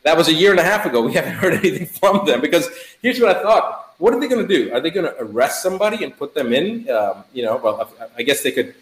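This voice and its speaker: A middle-aged man, a physician guest, talking in a casual chat in an animated, emphatic way, piling up words in lists. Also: on the high side, fast talker, echoey room, poor audio.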